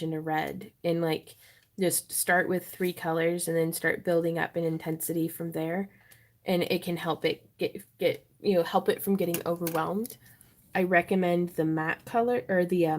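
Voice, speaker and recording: Fairly low and somewhat dark, this woman's voice comes from her home craft room, where she hosts a livestream. She chats casually with viewers and giggles while showing how to do wire wrapping as part of a tutorial.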